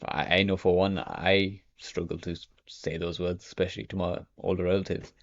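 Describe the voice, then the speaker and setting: A young man chats to the camera in a low voice with a gravelly fry. He rambles on with plenty of "you know" and "okay". The recording is dry and a little dull, like lo-fi home audio. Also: steady tone, moderate pace, no room sound. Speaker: vlogger. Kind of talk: casual talk to camera.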